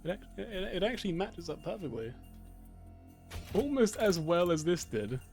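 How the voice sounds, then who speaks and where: A young man with a high, bouncing voice streams a game, caught in a giddy, stammering ramble and repeating himself. His voice leaps up and down constantly. Faint game music plays underneath. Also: sing-song, normal speed, a little mellow. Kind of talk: live gameplay commentary.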